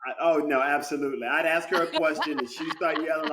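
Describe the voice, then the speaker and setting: A man's voice: on the high side, quick pace, a loud crowd. A man chatting as a guest actor over a video call, telling stories with lots of laughter. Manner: animated storyteller, laughs often. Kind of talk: casual interview chat.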